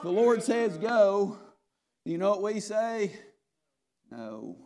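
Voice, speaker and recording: A male preacher with a strikingly high-pitched voice delivers a sermon to his congregation. He builds to loud, emphatic shouts, then drops back into conversational asides peppered with "hey" and "I tell you what.". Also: very animated, slow.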